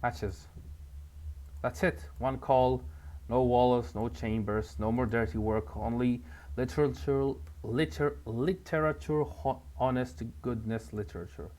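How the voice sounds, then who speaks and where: A man's voice: fairly even intonation, a little slow, mellow, natural voice. A man reading as a drunk scheming writer. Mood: muttering. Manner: low muttering, reading dialogue aloud. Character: drunk scheming failed male writer, 1940s husband. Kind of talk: reading game dialogue aloud.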